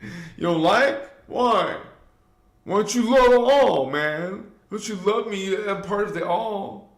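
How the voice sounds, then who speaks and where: Speaking slowly in a high-pitched voice with lively intonation, a man hosts a live spiritual stream from an echoey room. He meanders, uses lots of fillers and asides, and addresses his viewers directly in a preachy way.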